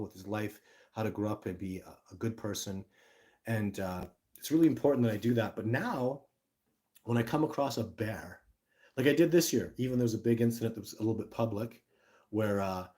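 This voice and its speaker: A middle-aged man talks to his viewers straight into a phone camera. His voice sits a little low, and he rambles with lots of energy, often cutting himself off and starting again. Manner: energetic, rambling, self-interrupting. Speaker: livestream host, Sasquatch researcher. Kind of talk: casual livestream talk to viewers.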